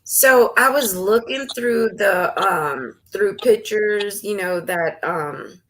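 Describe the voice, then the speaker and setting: A woman interviewing a guest, asking questions gently and giving frequent soft agreements. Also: mid-range voice, slow, slight background noise.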